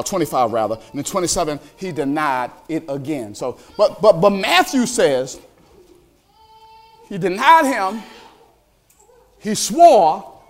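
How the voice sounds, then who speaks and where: A male pastor preaching a sermon, animated, asking the congregation questions directly. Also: on the high side.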